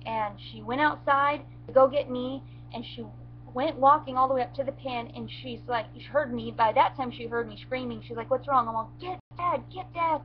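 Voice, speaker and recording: A woman telling how she rescued her injured baby goat, in a halting, emotional way with many restarts and near tears. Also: a little high, steady tone, lo-fi sound, slight background noise. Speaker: goat owner telling what happened. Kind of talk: emotional first-person storytelling.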